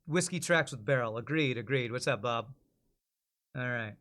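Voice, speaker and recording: A man streaming while he works on voice-over lines, thinking out loud and correcting himself as he goes. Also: medium pitch, normal speed. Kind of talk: casual live stream chat.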